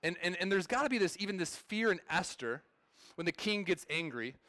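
Guy pastor giving a sermon, chatty, kinda higher voice, restarts a lot. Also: expressive, a little fast, pushed and bright, no echo. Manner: conversational, repeats words when restarting.

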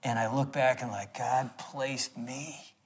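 A man in his sixties preaching through a personal story, acting it out with swings from loud to hushed. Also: medium pitch, slow. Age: 60s. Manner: animated, acts out the scenes with swings between loud and hushed. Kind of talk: storytelling sermon.

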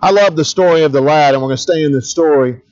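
A man's voice: a little high, fast talker, a little mellow, lo-fi sound. A middle-aged man, a pastor, preaching a conversational sermon, asking the congregation questions and adding humorous asides.

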